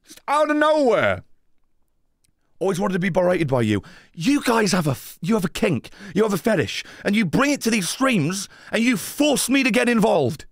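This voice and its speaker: High, animated British streamer, ranting. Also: male voice, brisk, no echo, clean studio sound. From Britain. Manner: swearing, ranting, with sudden shouted outbursts. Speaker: streamer host. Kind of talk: live gameplay stream commentary.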